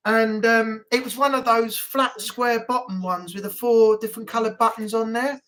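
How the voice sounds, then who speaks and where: A man's voice: very high-pitched, steady tone, moderate pace, a bit bright, rough recording. A man hosting a casual live-stream chat from home, rambling and chatty with lots of fillers. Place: home room.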